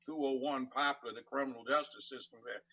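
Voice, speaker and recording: A man's voice: medium pitch, fairly even intonation, brisk, sharp tone, slightly rough, rough recording. An older man from California with a Southern drawl, telling folksy, salty stories as an interview guest. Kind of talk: casual storytelling interview.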